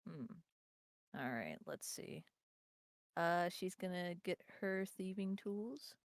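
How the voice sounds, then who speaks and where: A woman plays a tabletop game with a playful, laughing manner. She speaks slowly and without rush. Her voice is close to the mic and dry. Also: fairly low pitch, expressive, vocal fry, dry recording. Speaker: player.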